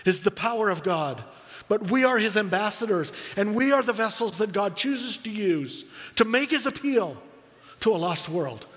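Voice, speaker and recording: A middle-aged man preaching a sermon as a pastor, telling stories with animated quoted voices. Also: high voice, long reverb tail.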